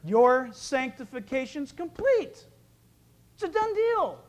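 A man's voice: very high voice, slow, highs cut off. A middle-aged male pastor preaching a sermon, joking and acting out little voices as he goes. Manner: lively, joking preacher who acts out voices.

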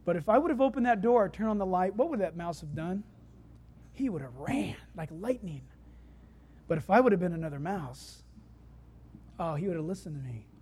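Preacher telling stories in a sermon, chatty, goes loud then real quiet. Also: mid-range voice, moderate pace, long pauses, husky. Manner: animated, conversational, swings from loud to hushed. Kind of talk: sermon with storytelling.

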